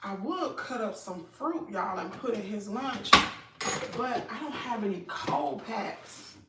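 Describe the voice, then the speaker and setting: A hoarse woman with a Southern US accent, chatting to viewers in her home kitchen on a phone livestream. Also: a little high, expressive, takes it slowly, very noisy. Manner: chatty, talks straight to viewers, says y'all a lot. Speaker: livestream host. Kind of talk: casual livestream chat while cooking.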